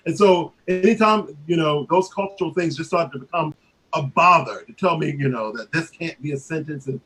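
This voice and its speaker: Animated man leading a writing workshop. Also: a little high, normal speed. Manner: animated storyteller, many fillers and restarts, acts out quoted voices. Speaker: creative writing workshop leader. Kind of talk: casual workshop talk.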